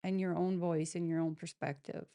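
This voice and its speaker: Gravelly woman podcast host. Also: fairly low pitch, fairly even intonation, normal speed, dark tone. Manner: supportive, reflective questions. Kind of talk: interview conversation.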